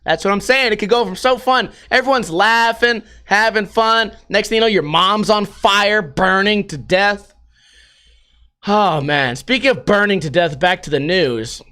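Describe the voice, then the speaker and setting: A man with a high, bright voice hosts a casual news-commentary podcast. He jokes and curses freely as he goes, and breaks into laughter often. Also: measured pace, clean tone. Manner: profane and joking, laughs often. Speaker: podcast host.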